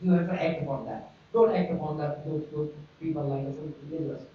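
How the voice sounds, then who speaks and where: An older man, a guest religious teacher, telling an animated story to a class and repeating his phrases. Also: a little high, fairly quick. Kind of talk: storytelling talk. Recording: echoey, distant, dull hall recording.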